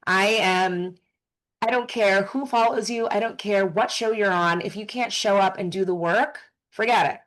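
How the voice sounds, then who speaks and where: A woman actor answering interview questions in a casual, effusive way, with quick asides and jokes. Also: medium pitch, fairly bright tone, rough recording. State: briefly emotional, close to tears.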